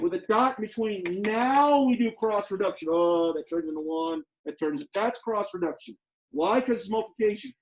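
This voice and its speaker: A man's voice: extremely high pitch, dull audio. A male math teacher in a classroom who teaches emphatically, repeats key steps and teases his students with sarcasm.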